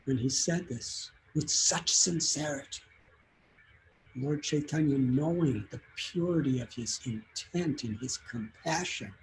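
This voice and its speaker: Slow, earnest man giving a sermon. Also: mid-range voice, a little hiss or hum, poor audio. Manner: earnest storytelling, deliberate and heartfelt. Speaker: spiritual teacher giving a talk. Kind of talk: devotional sermon.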